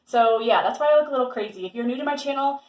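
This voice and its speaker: A woman's voice: high voice, racing. A young woman in her twenties vlogging casually at home, chatty and rambling with lots of fillers. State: slightly out of breath. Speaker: lifestyle vlogger. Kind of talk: casual vlog chat. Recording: echoey room.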